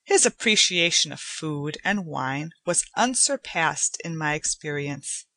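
Slow, unhurried woman storyteller. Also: low-pitched, pushed and bright, dry recording. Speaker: audiobook narrator. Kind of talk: scripted story narration.

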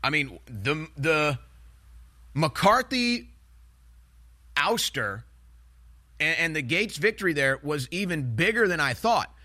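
A man's voice: fairly high pitch, very animated, takes it slowly, long pauses, pushed and bright, no echo, studio quality. A man hosting a political talk show, delivering heated commentary in an emphatic, ranting way that repeats phrases and restarts sentences.

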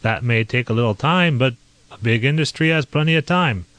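Sorensen, a man doing a blunt, brisk inventor. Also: mid-range voice, a bit bright, no room sound, natural voice. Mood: confident. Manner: brisk, confident, lecturing. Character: blunt middle-aged male inventor, sure of himself.

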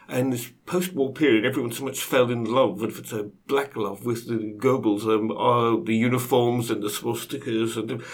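A man's voice: mid-range voice, breathy edge. A man talking animatedly as a guest in a book discussion, often breaking off and restarting his sentences. His voice sits in a middle range for a man.

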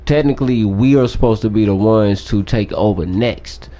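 A man's voice: lowish voice, normal speed, mellow, dull audio. A man in his thirties speaking bluntly and with profanity as a co-host in a casual group chat. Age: 30s.

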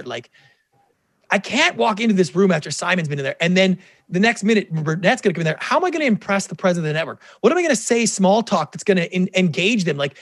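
Middle aged guy spinning a story, acts out the quotes, slightly high voice, dry close sound. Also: quick pace, dry recording. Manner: animated, acts out quoted dialogue. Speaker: guest, television producer. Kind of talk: casual interview storytelling.

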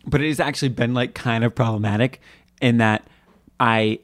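A woman co-hosting a podcast in casual chat, animated and playful, laughing often. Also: extremely low pitch, moderate pace, no room sound. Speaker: podcast co-host.

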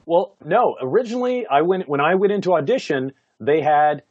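Male voice actor telling lively anecdotes. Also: fairly high pitch, normal speed, no room sound, highs cut off. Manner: animated anecdotes with frequent laughs and "you know" fillers. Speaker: voice actor guest. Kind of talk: casual interview storytelling.

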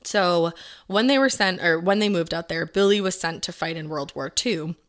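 A woman's voice: fairly low pitch, moderate pace. A young woman co-hosting a podcast, telling a life story in casual chat and swearing freely. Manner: swears freely, acts out quotes. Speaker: podcast co-host.

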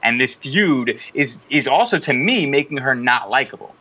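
A man hosting a podcast, chatting in an animated, rambling and opinionated way. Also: mid-range voice, normal speed, slightly rough, lo-fi sound. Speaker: podcast host. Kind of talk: casual opinionated chat.

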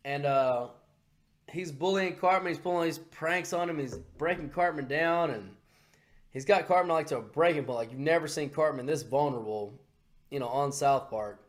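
A man hosting a podcast in casual, crude, excitable talk that rambles along with fillers. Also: a little high, moderate pace. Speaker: podcast host. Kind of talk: casual political chat.

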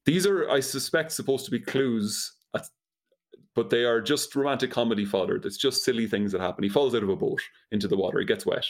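A man's voice: mid-range voice, brisk. A man chatting casually, dryly and incredulously retelling a film's plot, often laughing. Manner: dry, incredulous storytelling with laughs. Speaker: podcast co-host recapping a movie. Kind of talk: casual comedic chat.

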